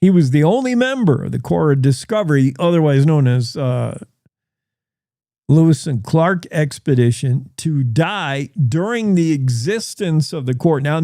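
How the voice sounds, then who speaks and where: A man's voice: a little high, warm tone, no room sound, clean studio sound. A male radio host reading the news and history notes in a casual, rambling way, stopping to comment on what he reads. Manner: slow, rambling, self-interrupting reads with asides.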